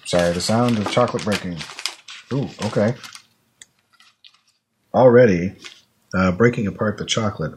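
Slightly rough and on the low side, this man's voice moves at a moderate pace with long pauses as he hosts a laid-back podcast chat. He samples snacks, thinking aloud and filling gaps with fillers between bites.

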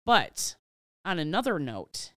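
Taking it slowly in a mid-range voice, a podcast co-host tells a work story in casual chat. As an animated storyteller, they act out each exchange's dialogue and vent with casual swearing. The sound is clean studio audio with no echo.

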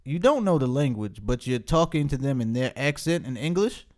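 A man's voice: medium pitch, animated, moderate pace, a little mellow. A man with a Baltimore accent hosting a casual reaction chat, laughing constantly and swearing freely. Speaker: reaction video host.

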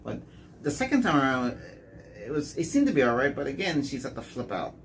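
A dating vlogger rambles through his own dating stories in a casual monologue, repeating words and growing animated whenever he quotes people. His voice is medium-pitched and a little fast, with slight background noise.

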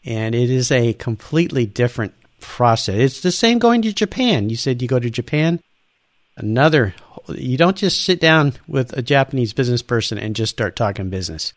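A man hosting an interview with a dry, close sound. He tells stories with lively energy, slipping into the voices of the people in them. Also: medium pitch, normal speed, dry recording. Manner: animated storyteller, acts out quoted voices. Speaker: interview host. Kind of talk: conversational interview.

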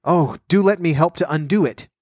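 A man doing Alice, a high eager young girl. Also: normal speed, darkish tone, dry recording, studio quality, natural voice. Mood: pleading. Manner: eager, pleading, raised voice.

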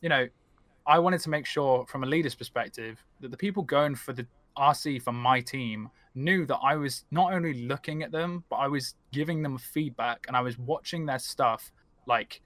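A man talking as a podcast guest, chatty and quick, leaning on fillers like "like" and "you know". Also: mid-range voice, a bit bright, dry recording. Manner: chatty, fast, heavy on fillers. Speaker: podcast guest, team stream lead. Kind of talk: casual podcast chat.

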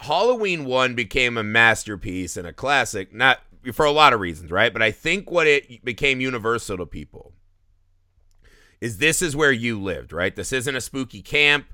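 A man's voice: mid-range voice, normal speed, no echo, studio quality. A man hosting a podcast, talking casually and animatedly about a horror film, often tagging his points with "right?". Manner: animated, tags lines with "right?". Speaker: podcast host.

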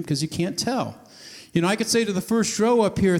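Guy preaching a sermon, high voice, acts out the people in the story, big echoey hall. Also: fast talker. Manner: storytelling, acting out voices of the scene. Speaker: pastor.

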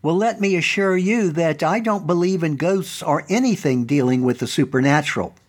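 A man's voice: fairly high pitch, normal speed. A man hosting a show, narrating a first-person story in an earnest, conversational way. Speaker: storytelling host and historical reenactor.

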